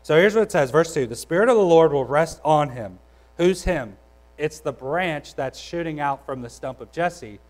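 A man's voice: fairly high pitch, animated, moderate pace, rough recording. A young adult man preaching a sermon in a conversational, storytelling way, with frequent restarts. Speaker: pastor.

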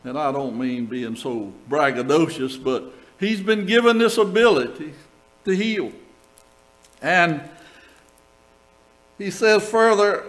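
An older man preaches a sermon in a slightly high voice. He tells stories from his own ministry and reads scripture aloud, turning to the congregation with quick asides. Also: fairly bright tone, poor audio. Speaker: pastor.

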